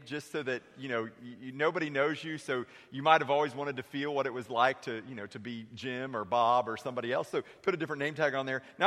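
A man preaching a sermon in a church, shifting between lively questions and hushed, heavy confessions. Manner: preaching with dramatic voice shifts, dropping low and quiet for confessions. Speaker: pastor. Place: church sanctuary. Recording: long reverb of a sanctuary.

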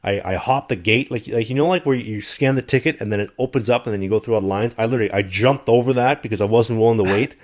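A man with a fairly low voice tells a long story in relaxed, conversational talk. He is animated and lively, and he slips into other people's voices as he quotes them. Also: quick pace, few pauses. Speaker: guest telling a travel story. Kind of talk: casual storytelling.

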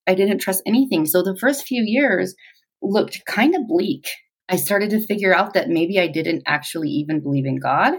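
A woman in her forties telling her personal story in an interview, reflective and halting, with pauses. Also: fairly low pitch, slightly rough, low-quality recording.

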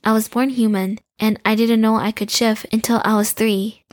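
A woman voicing a young female shapeshifter in an audio drama, speaking in a calm, courteous and measured way. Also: on the high side, no echo, natural voice.

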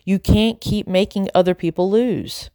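A woman reading aloud, voicing an upset young boy who pleads with and shouts at his father. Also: medium pitch, a little slow, no echo, clean studio sound, voice pushed up, natural voice.

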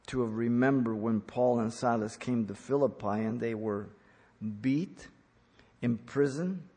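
A man's voice: medium pitch, darkish tone, in a large hall. A man preaching an earnest sermon, speaking as a pastor who repeats key points for emphasis.

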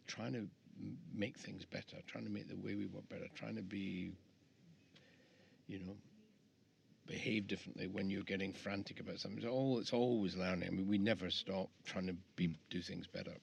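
A man's voice: deep voice, fairly even intonation, normal speed, creaky, husky. A middle-aged man, an architect guest, talking in a rambling, reflective way with many restarts, in casual interview chat. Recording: faint background noise.

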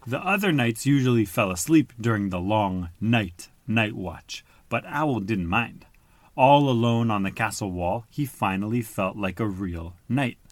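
A man's voice: lowish voice, expressive, measured pace, dry recording. Patient man reading a picture book to a child. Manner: patient, explains words simply. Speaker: storybook reader.

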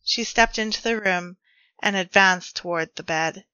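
A woman reading her own dark fiction aloud in a measured way, hushed in quieter passages. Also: medium pitch, clean tone, no echo, highs cut off. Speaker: storyteller.

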